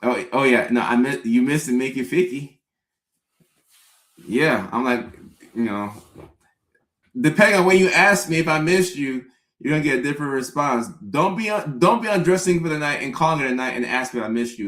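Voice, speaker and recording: A young comedian hosting a stream riffs casually with his chat, dropping into mock-pleading voices for his bits. His voice is medium in pitch and a bit bright, at a moderate pace, and the room sounds echoey.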